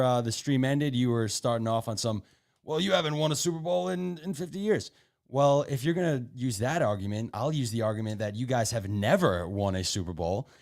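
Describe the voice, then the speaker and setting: A man co-hosting a sports podcast in casual talk, arguing back at rival fans. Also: medium pitch. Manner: teasing, argumentative. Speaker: podcast co-host.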